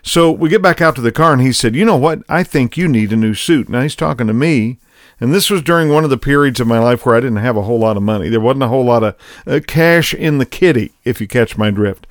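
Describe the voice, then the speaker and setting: A man's voice: medium pitch, expressive, fast talker, no room sound, studio quality. A middle-aged man hosting a program, telling a personal story in a folksy, conversational way that leads into a spiritual lesson. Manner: folksy, conversational, self-deprecating. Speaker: program host.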